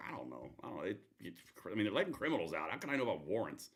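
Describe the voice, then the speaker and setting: A man's voice: deep voice, very animated, rapid-fire, hardly any pauses, breathy edge. A man hosting a live political commentary stream, talking in a rambling, sarcastic way with many restarts. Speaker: livestream host.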